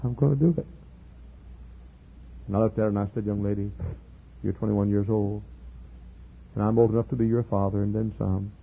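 A middle-aged male pastor telling a story in a sermon, earnest, repeating words and building to loud emphatic peaks. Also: fairly low pitch, fairly even intonation, fairly quick, vocal fry, long pauses, slightly rough. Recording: tinny lo-fi sermon tape.

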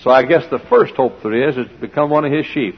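A man preaching a sermon in a folksy style, full of rhetorical questions, swinging between loud and hushed. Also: medium pitch, quick pace. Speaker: pastor. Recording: dull old sermon recording in a large hall.

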